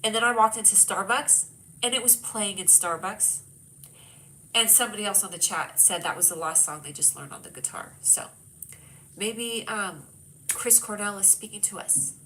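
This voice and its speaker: A woman's voice: mid-range voice, normal speed, pushed and bright, a little hiss or hum, poor audio. A woman hosting a live stream, chatting casually and joking with her chat, her voice whiny from a stuffed-up nose. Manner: chatty, jokey, reads chat aloud. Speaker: livestream host.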